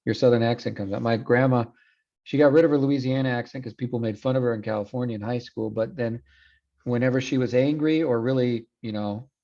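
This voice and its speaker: A man in his thirties gives a university classroom lecture, switching between Spanish and English and restarting often. His warm, mid-range voice is steady and a little fast, with lo-fi sound.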